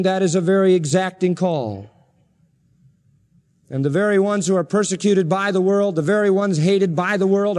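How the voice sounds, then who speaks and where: A male pastor delivers an insistent, emphatic sermon in a high voice. His words ring out with a long reverb through a church sanctuary, captured on a 1970s recording. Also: a little mellow. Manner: emphatic, insistent preaching with repeated phrases.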